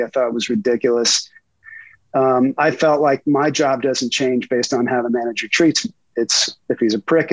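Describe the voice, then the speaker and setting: A man's voice: mid-range voice, dry recording, low-quality recording. A middle-aged man and guest reporter telling profane anecdotes in a casual interview, laughing often.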